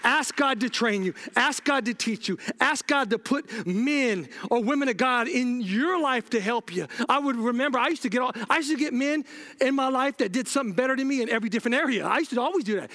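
A man's voice: very high voice, fairly quick, sharp tone. A man preaching a sermon, urgently repeating "listen" to the congregation and telling personal stories with acted-out dialogue.

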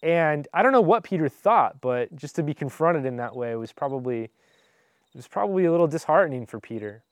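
A man's voice: a little high, expressive, brisk, dry recording, clean studio sound. A pastor preaching a conversational sermon, speaking earnestly and informally, addressing his listeners directly with frequent restarts and rhetorical asides.

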